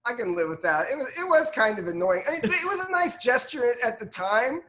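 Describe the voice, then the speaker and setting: A man co-hosting a casual sports podcast, talking in halting bursts full of restarts and asides. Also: extremely high pitch, big pitch swings, bright, forceful tone. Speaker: podcast co-host.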